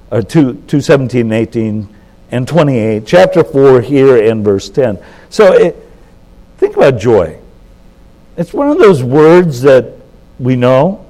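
Older pastor preaching, animated and folksy. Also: male voice, low-quality recording. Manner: animated, jumps up in pitch for emphasis; folksy, self-interrupting. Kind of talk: conversational sermon.

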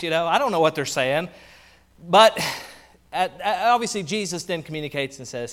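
A pastor delivers a sermon with animated energy, slipping in playful asides. His voice sits high for a man. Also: moderate pace.

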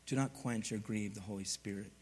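A pastor preaching a sermon, animated and humorous, swinging from hushed to loud. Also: male voice, fairly low pitch, a little fast, slight background noise.

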